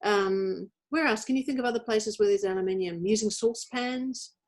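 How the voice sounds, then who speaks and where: Woman, husky voice, earnest explainer, casual podcast chat. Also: on the high side, normal speed. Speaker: podcast co-host.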